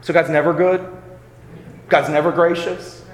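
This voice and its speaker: Bright-voiced preacher in an echoing hall. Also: male voice, fairly high pitch, steady tone, unhurried. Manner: swings from quiet reflection to loud emphatic passages. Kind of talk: sermon. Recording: echoey hall reverb.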